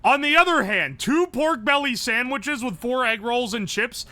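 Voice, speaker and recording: Sharp-voiced, high, lively male streamer. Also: dry recording. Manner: blunt, profane, quick reactions. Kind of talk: live-stream gameplay commentary.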